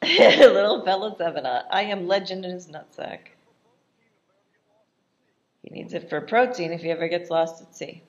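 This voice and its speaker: A woman's voice: on the low side, lively intonation, normal speed, long pauses, dull audio. A woman casually commenting while she watches a movie, laughing often in a chatty, irreverent way. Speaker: vlogger reacting to a film.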